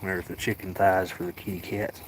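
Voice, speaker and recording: A man, casually live-streaming outdoors while feeding and softly coaxing the cats of a colony. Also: deep voice, little pitch movement, normal speed, background noise. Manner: folksy, talks softly to the cats and coaxes them. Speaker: cat sanctuary caretaker streaming live.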